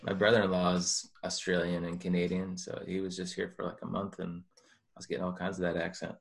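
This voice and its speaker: A man's voice: low voice, flat delivery, fairly quick, vocal fry. A man co-hosting a podcast, telling casual stories in a rambling way. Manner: rambling, many "like" fillers. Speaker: podcast co-host. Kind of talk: casual chat.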